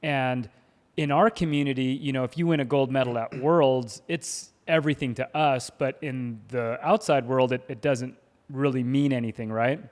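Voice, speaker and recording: A middle-aged man co-hosting a podcast in casual chat, animated, laughing often and stumbling over his first words. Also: mid-range voice, normal speed. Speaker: podcast co-host. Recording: long hall reverb.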